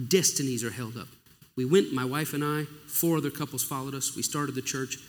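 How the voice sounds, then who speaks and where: A man's voice: mid-range voice, fairly even intonation, a little fast. Man preaching in a reverberant hall. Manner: emotional storytelling with acted-out dialogue. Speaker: pastor. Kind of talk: sermon testimony. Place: church or conference hall. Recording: long reverb of a large hall.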